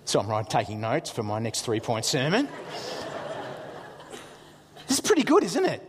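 A middle-aged man, preaching a sermon as a pastor with lively storytelling and jokey asides. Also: mid-range voice, normal speed, big-room sound, a little hiss or hum.

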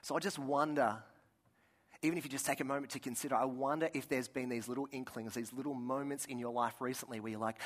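A young man preaching a sermon in a conversational, storytelling way, often restarting his sentences and dropping to a soft voice for emphasis. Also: medium pitch, quick pace. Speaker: pastor.

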